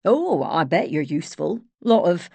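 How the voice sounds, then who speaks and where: A woman's voice: lowish voice, sing-song, moderate pace, gravelly, dark tone, no echo, heavily acted. A woman voicing a shy, easygoing young Scottish man, hesitant and mild. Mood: awkward.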